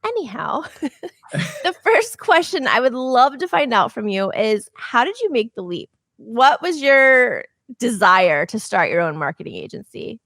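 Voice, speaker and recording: Upbeat female host, casual interview chat, fairly high voice. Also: big pitch swings, measured pace, fairly bright tone, dry recording. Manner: bubbly and chatty, laughs often. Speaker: podcast host.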